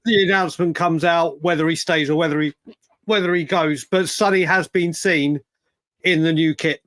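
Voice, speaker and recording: A man's voice: fairly high pitch, fairly even intonation, normal speed, a bit bright, dry recording. A man co-hosting a fan livestream, chatting casually and repeating himself as he recalls details. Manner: rambling, repeats words while recalling details. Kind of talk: casual chat.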